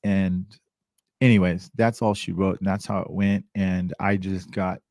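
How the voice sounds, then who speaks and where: A man guest on a podcast, telling stories in a casual, animated way and acting out the people he quotes. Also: measured pace, dry recording, clean studio sound. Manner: animated, acts out quoted voices with big pitch jumps. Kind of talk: casual storytelling.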